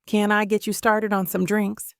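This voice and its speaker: A woman's voice: mid-range voice, flat delivery, moderate pace, gravelly, smooth, no echo, clean studio sound, natural voice. A woman voicing a cheerful young waitress with a Southern accent in an audiobook.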